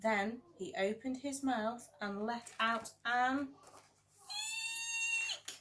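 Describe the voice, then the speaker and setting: Speaking slowly at a fairly high pitch, a female teacher reads aloud from a rhyming picture book. She uses a soft, sing-song storytelling style and stresses words playfully.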